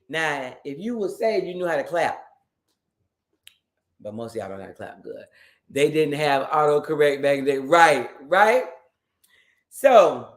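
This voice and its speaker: A man co-hosting a live stream in playful, teasing casual chat. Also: mid-range voice. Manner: playful, teasing, animated banter. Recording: roomy echo.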